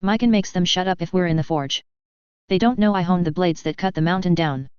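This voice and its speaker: A quiet young blacksmith who speaks in short, clipped bits, as a woman reads him. The voice is low and smooth. The recording is dull and lo-fi. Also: brisk, no echo, natural voice. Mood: terse. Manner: terse, clipped short sentences. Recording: slightly dull, dry lo-fi recording.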